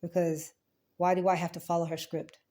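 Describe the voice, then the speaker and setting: A woman's voice: fairly low pitch, little pitch movement, fairly quick, dark tone. A woman giving a rambling, defensive account of a dispute, swearing often and restarting her sentences.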